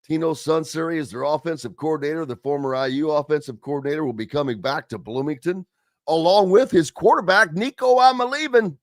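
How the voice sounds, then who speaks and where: A man's voice: on the high side, a little fast, dry recording, studio quality. A man hosting a sports talk radio show, chatting casually in a rambling way and reading listener comments aloud.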